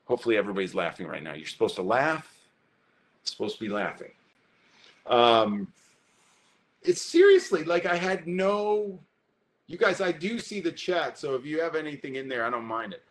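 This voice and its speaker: A man presenting an online photography workshop, animated and high-energy, talking straight to his viewers while alone at his computer. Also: normal speed, long pauses. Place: indoors, alone in front of a computer. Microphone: webcam or computer mic, alone talking to a screen.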